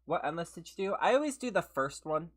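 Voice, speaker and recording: A young adult game streamer chatting casually with viewers while playing, a little hoarse after being sick, laughing often and greeting people by name. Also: medium pitch, big pitch swings, quick pace. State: slightly hoarse from a recent illness. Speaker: gaming livestreamer.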